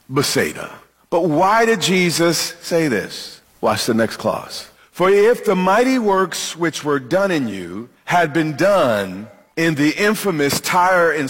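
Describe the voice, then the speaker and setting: A male pastor preaching with a husky, fairly high voice that swings widely in pitch. He leans into dramatic pauses and throws questions out to the congregation. His words ring out with a long reverb through the church sanctuary. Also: a bit bright. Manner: emphatic preaching with dramatic pauses and call-and-response. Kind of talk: sermon.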